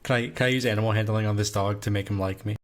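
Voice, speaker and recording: A man's voice: fairly low pitch, steady tone, rapid-fire. A man playing a tabletop game, hesitant and full of fillers. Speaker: player. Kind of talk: casual tabletop play.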